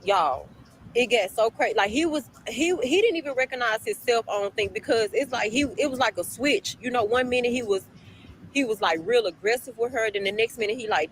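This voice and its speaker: A woman's voice: fairly high pitch, animated, a little fast, a little hiss or hum, poor audio. A woman casually telling a storytime to her viewers, chatty, repeating herself and addressing the audience often, recorded while on a break at work. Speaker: storytime vlogger.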